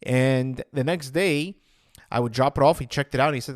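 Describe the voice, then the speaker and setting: A man's voice: mid-range voice, lively intonation, brisk, no echo, clean studio sound. A man telling his personal story, re-enacting his own past words with rising emotion and saying "I'm like" again and again.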